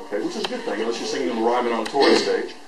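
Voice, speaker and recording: A man's voice: mid-range voice, very animated, very fast, over loud music. A man leading a voice master class, joking with students and demonstrating with his voice. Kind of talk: teaching a class. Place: school hall. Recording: echoey hall, recorded from far off.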